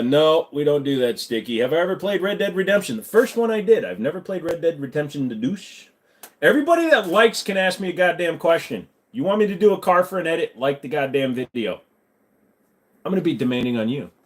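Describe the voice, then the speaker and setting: A man's voice: on the high side, sing-song, fast. A man hosting a casual live-stream Q&A, joking around and swearing freely while he answers chat. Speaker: livestream host.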